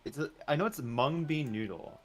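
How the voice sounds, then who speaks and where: A man's voice: medium pitch, moderate pace, a bit bright. A man from Canada chatting casually as a streamer, hesitant and often searching for words. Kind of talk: casual chat.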